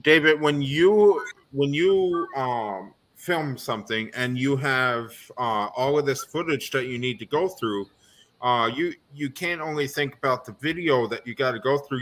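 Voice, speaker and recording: Bright-voiced podcast host, halting. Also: male voice, mid-range voice. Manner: long, halting questions with many fillers. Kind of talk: casual video podcast chat.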